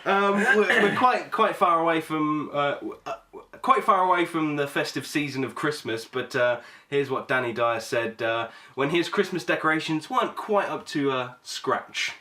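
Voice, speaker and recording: A man's voice: on the high side, animated, moderate pace, hardly any pauses, sharp tone. A man co-hosting a podcast, bantering casually with frequent laughs and hesitant fillers. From United Kingdom. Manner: giggly, hesitant, with many fillers. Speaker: podcast co-host.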